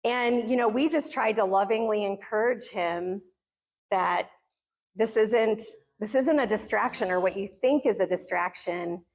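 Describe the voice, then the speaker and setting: Earnest American woman telling a story. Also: medium pitch. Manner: earnest, animated storytelling with acted quotes. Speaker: conference speaker. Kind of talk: personal story told to a church audience. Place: church hall.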